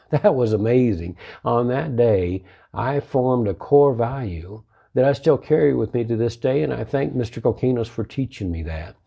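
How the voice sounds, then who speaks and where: A man's voice: mid-range voice, mellow. A man hosting a motivational talk and telling folksy, conversational stories about his martial arts business, repeating his key phrases.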